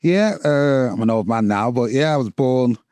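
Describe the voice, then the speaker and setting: A man in his late forties from Lancashire with a Lancashire accent, talking casually as a podcast guest and pausing often with fillers. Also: medium pitch, expressive, darkish tone, clear, resonant tone, no echo. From Blackburn, Lancashire, England. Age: late 40s. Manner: rambling, halting, many fillers. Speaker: guest entrepreneur.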